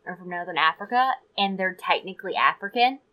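A woman's voice: fairly low pitch, animated, fairly quick, sharp tone, low-quality recording. A woman co-hosting a podcast, retelling a story from her research in casual chat with asides. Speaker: podcast co-host.

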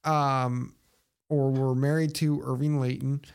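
Gravelly-voiced man hosting an interview. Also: mid-range voice. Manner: relaxed, halting questions with fillers. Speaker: host. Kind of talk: interview questions.

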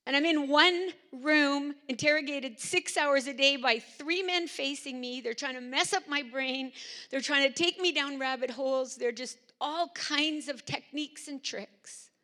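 High clear-voiced woman, slow and earnest, church testimony. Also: bright, forceful tone. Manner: earnest, reflective rhetorical questions. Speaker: guest speaker.

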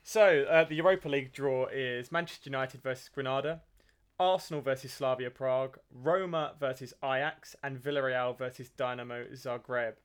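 A young man co-hosting a casual football podcast, speaking in a relaxed, measured way with a few hesitant restarts. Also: mid-range voice, smooth. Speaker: podcast co-host.

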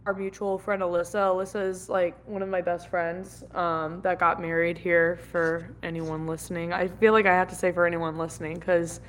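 A woman's voice: lowish voice, little pitch movement, normal speed, hardly any pauses. A young woman co-hosting a podcast, telling rambling stories in casual chat and giggling often. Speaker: podcast co-host.

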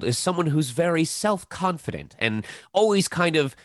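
A man in his thirties, a voice actor talking casually in an interview, lively and quick to slip into demonstration voices. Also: on the high side, dry recording, clean studio sound. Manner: animated, demonstrates voices mid-sentence. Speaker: voice actor guest.

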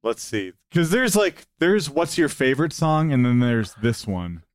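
A man talking as a musician guest in a casual podcast chat, relaxed and loose, with lots of "like" fillers. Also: medium pitch, unhurried, no echo, studio quality. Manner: relaxed, heavy use of "like" fillers.

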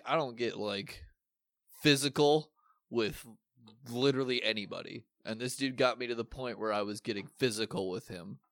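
A young man telling a story in casual chat, animated and swearing, acting out what people said. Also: on the low side, no echo, clean studio sound. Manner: animated, swearing, acts out quotes.

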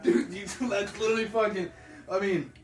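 Man, highish voice, laughing reactions, distant mic, echoey room with noise. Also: steady tone, moderate pace. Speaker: podcast co-host. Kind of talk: casual chat.

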